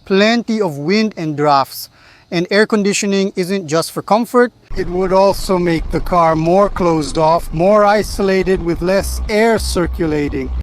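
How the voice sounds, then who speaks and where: A man's voice: high-pitched, unhurried, slight background noise. A man from Brazil chatting enthusiastically about his classic car in a casual vlog. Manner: enthusiastic, chatty, says man and you know often. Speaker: car vlogger.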